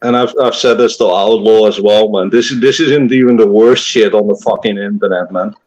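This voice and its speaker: A man's voice: lowish voice, fairly even intonation, moderate pace, a little mellow, dull audio. A young adult man in a casual online group chat, blunt and swearing freely.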